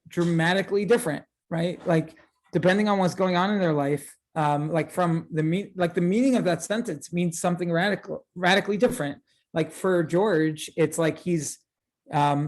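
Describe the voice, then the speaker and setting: A man's voice: on the high side, a little mellow. A man in his thirties, a rabbi giving a casual lecture, chatty and full of fillers and tag questions. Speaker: rabbi teaching a class.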